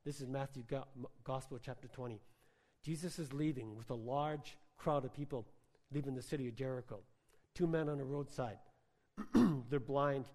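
A man preaching a sermon in a conversational, animated storytelling way, full of filler words. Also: medium pitch, moderate pace. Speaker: pastor. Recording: long hall reverb.

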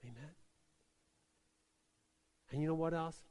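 A male pastor preaches a sermon slowly, pulling the congregation in with repeated "Amen?" and "right?" and swinging from soft, low asides to emphatic exclamations. A long reverb tail trails his voice.

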